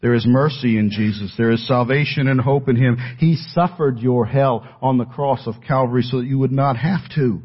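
A male pastor preaching a sermon in earnest, moving between raised emphasis and hushed pleading. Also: medium pitch, moderate pace, few pauses, slightly rough, muffled recording.

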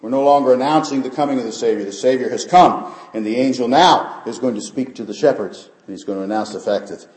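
A man's voice: medium pitch, fast talker, hardly any pauses, a little mellow. A man preaching a sermon as pastor, talking earnestly and building up to emphatic peaks. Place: church sanctuary. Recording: echoey church sanctuary.

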